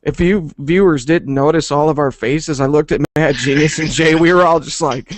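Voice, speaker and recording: A man hosting a wrestling review show in a relaxed, chatty way. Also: fairly high pitch, normal speed, hardly any pauses, a little hiss or hum.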